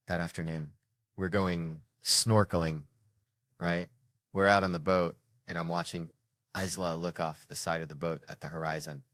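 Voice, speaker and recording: A man's voice: deep voice, normal speed, no echo. A middle-aged man doing a stand-up comedy set, telling brash, profane family stories and acting out the quotes.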